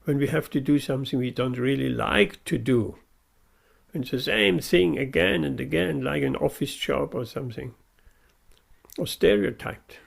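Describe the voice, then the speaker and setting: A man's voice: medium pitch, moderate pace, gravelly, husky. A man giving a devotional sermon, earnest and emphatic, repeating his key phrases. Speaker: preacher.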